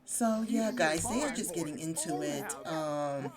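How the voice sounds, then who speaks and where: Animated woman narrating a life-sim game. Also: low voice, a little slow, over a noisy crowd. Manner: gushy, dramatic narration addressing viewers. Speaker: let's play host. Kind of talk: casual game commentary. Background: game music.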